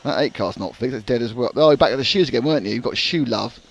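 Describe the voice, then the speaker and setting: A man's voice: mid-range voice, gravelly, muffled recording. A man doing live race commentary, joking and teasing his co-host. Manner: jokey, quick, teasing. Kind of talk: live sport commentary with banter.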